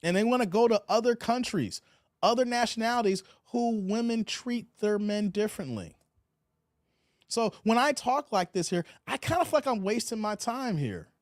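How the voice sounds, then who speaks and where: A man's voice: sits high, expressive, moderate pace, dry recording, clean studio sound. A man hosting a livestream commentary, preachy and repetitive, often tacking "man" onto his lines. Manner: preachy, repeats phrases, drawls "man". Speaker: commentary channel host.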